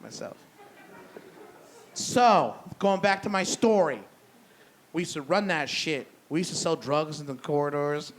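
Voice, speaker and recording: A rambling, profane stand-up comedian performs at a brewery comedy show before a live audience, spinning self-deprecating stories with a loose delivery and frequent restarts. His voice leans high, moves a little slowly, and pauses often.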